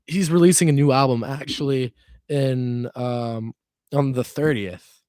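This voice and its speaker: A man's voice: mid-range voice, a little slow, warm tone, dry recording. Young guy hosting a podcast, chill and rambly, swears a ton, dry close sound. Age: young adult. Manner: laid-back, swears a lot, filler-heavy rambling. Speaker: podcast host. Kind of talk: casual chat.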